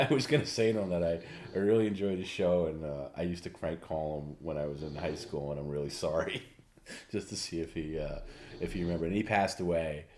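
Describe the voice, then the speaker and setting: Man, livestream host, deep low voice, rambling, halting, casual storytelling. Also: darkish tone, a little hiss or hum. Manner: rambling, halting, repeats words.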